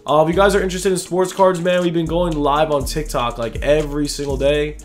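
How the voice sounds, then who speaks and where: A man's voice: on the high side, fairly even intonation, brisk, soft background music. A young man giving casual, slangy commentary over a video game, thinking aloud as he goes. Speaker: gaming YouTuber.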